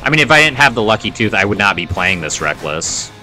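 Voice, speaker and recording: A man's voice: fairly low pitch, big pitch swings, fast talker, pushed and bright, faint music behind. A man giving playful, self-mocking commentary while playing a video game. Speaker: gaming video host. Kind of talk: let's play commentary.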